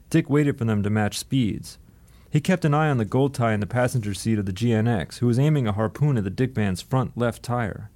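Male audiobook narrator, steady, dry delivery, middle pitch.

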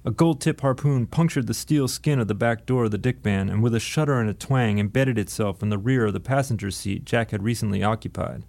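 Steady male audiobook narrator. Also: on the low side, brisk, creaky, hardly any pauses.

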